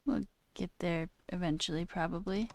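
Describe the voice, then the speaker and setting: A woman's voice: fairly low pitch, moderate pace, vocal fry, darkish tone. A young woman streamer chatting casually and thinking aloud while she works on code. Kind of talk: casual coding stream chat.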